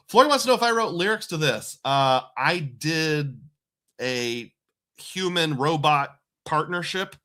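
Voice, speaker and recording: A man's voice: fairly high pitch, lively intonation, takes it slowly, pushed and bright. A man in his forties from southeast Iowa, hosting a live stream and chatting through viewer comments with frequent laughs. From southeast Iowa, USA. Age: 40s. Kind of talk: casual live stream chat.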